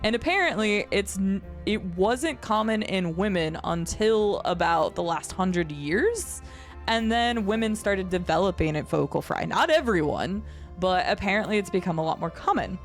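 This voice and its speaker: A woman streamer chatting casually with her viewers. She has a low vocal fry at the ends of her phrases, rambles, and laughs often. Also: animated, moderate pace, faint music behind. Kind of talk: casual live-stream chat, reading and answering chat. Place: home streaming setup.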